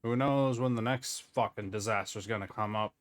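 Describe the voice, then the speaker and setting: A man voicing a gruff, folksy Southern tobacco shopkeeper with a Southern accent and salesman patter, in a tabletop role-play game. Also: on the low side, normal speed, pitched below the performer's own voice, close to an everyday voice.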